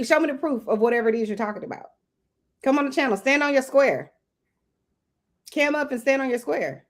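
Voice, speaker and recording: A woman hosting a casual online panel chat, talking bluntly and profanely about online drama. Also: fairly high pitch. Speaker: host.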